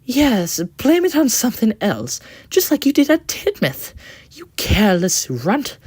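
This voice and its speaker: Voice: medium pitch, very animated, a little slow, a little mellow, husky, dry recording, voice pushed up. A storyteller voicing a prim, offended female passenger coach who talks in a haughty, scornful way. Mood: angry.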